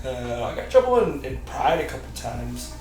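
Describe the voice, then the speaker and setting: A man's voice: mid-range voice, big pitch swings, moderate pace, darkish tone, roomy sound, distant mic, faint music behind, low-quality recording. A young man hosting a podcast, telling school stories in casual chat, laughing and swearing freely. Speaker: podcast host.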